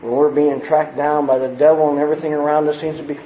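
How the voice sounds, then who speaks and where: A man from the United States preaching a sermon, telling a childhood story with lively shouts and acted-out voices. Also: on the high side, fast talker, reverberant, muffled recording. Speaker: pastor.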